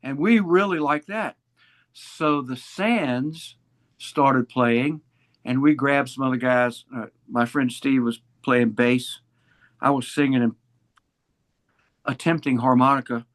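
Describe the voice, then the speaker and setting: A man's voice: medium pitch, fairly even intonation, slow pace, a bit bright. A man in his seventies from Virginia, telling stories as a guest in an interview, full of old hipster slang. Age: 70s. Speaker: guest musician. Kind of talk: casual storytelling interview.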